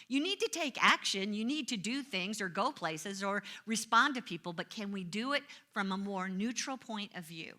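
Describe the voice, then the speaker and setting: A woman's voice: mid-range voice, pushed and bright. A middle-aged woman minister giving a conversational sermon, telling self-mocking stories and acting out her own complaints.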